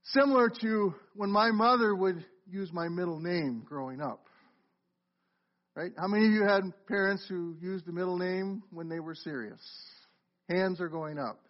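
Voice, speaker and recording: A middle-aged man with a strikingly high voice delivers a sermon from the pulpit. His manner is conversational, and he often turns to question the congregation. The church recording sounds muffled and lo-fi. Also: normal speed. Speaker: pastor. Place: church sanctuary.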